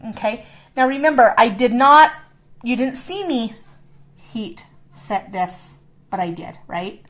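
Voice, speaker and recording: A woman's voice: fairly high pitch, animated, slow pace. A middle-aged woman demonstrating a craft in a chatty, playful way, explaining each step. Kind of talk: casual craft tutorial.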